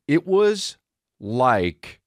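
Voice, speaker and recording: A man hosting a podcast, telling a comic story in an animated, rambling, profane way. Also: medium pitch, drawn-out words, dry recording, clean studio sound. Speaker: podcast host.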